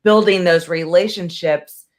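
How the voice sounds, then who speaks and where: Woman, 40s, co-host and agent; lowish voice; rambling, filler-heavy chat. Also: unhurried. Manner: chatty and rambling, many fillers. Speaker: co-host, real estate agent. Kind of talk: casual business chat.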